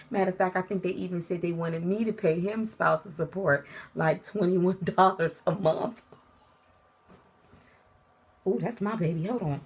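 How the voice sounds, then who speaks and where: A woman telling a personal story in casual vlog style, animated and laughing often. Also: a little slow. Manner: animated storytelling, laughs often, jumps into high pitch for quoted lines. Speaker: vlogger.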